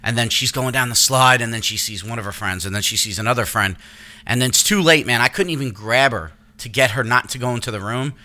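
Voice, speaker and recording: A man in his thirties telling a story in casual chat, animated and profane, acting out what people said. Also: medium pitch, a little fast. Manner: animated, profane, acts out quotes in raised voice. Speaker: podcast host.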